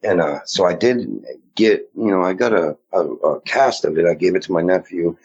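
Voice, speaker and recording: A man with a very low, husky voice tells his story casually. He rambles and slips into quoting others mid-sentence. The audio sounds dull and lo-fi. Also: moderate pace, darkish tone. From Maine. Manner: rambling, quotes others in dialogue. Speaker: guest recounting sightings.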